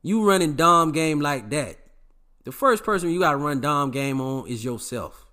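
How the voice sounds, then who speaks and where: A man's voice: fairly high pitch, animated, normal speed, bright, forceful tone. A man giving dating advice to the camera in an emphatic, preachy, repetitive way, full of slang. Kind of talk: casual advice monologue to camera.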